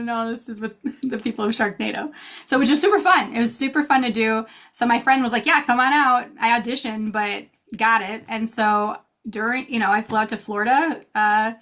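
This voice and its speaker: A woman in her thirties, an actress telling stories in a casual interview, bubbly and quick to laugh while acting out quotes. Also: fairly high pitch, a bit bright. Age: 30s. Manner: bubbly storyteller, laughs often, acts out quotes. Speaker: actress and guest. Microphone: video call.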